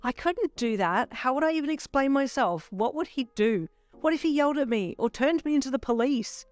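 A reader voicing a young woman who is anxious and conflicted, her voice jumping high when flustered. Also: lively intonation, normal speed, darkish tone, lightly acted. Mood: panicked.

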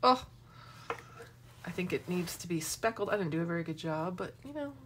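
A woman's voice: lowish voice, moderate pace, fairly bright tone, slight background noise. A middle-aged woman hosting a casual craft tutorial, chatting and wandering into asides as she works. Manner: chatty, rambling asides while working. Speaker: craft demo host.

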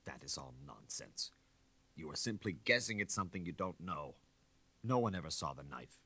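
A man's voice: rumbling low, big pitch swings, moderate pace, breathy edge, heavily acted. A man doing a scared suspect acting unbothered. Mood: dismissive. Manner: quiet, defensive, dismissive. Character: frightened male suspect feigning indifference.

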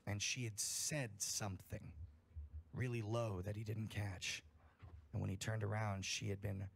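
A man's voice: fairly low pitch, flat delivery, measured pace, gravelly, breathy edge. A man reading a campfire horror story aloud in an emphatic storytelling manner, full of swearing.

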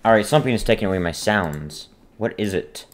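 A man's voice: on the low side, lively intonation, brisk, faint music behind. A man giving casual gameplay commentary, grumbling and talking at the game in frustration. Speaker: gaming video creator.

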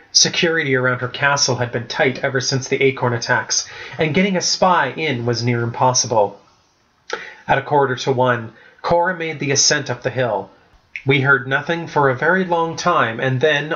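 A man narrating a storybook chapter in the first person, reading steadily at an even pace. His voice sits at an ordinary middle pitch. The recording sounds slightly dull and lo-fi. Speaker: audiobook narrator.

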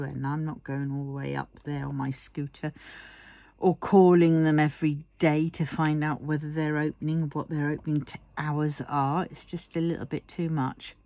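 A woman's voice: low-pitched, mellow, no echo. A tired woman chatting in a rambling way while she works on a diamond painting, yawning and murmuring to herself. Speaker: craft vlogger.

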